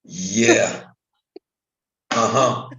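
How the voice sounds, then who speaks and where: A man giving a slow, deadpan, mock-serious analysis. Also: mid-range voice. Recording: echoey room.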